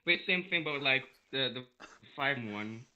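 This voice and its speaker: A man's voice: mid-range voice, animated, measured pace, pushed and bright, rough recording. A man joining a comedy sketch, interjecting and laughing.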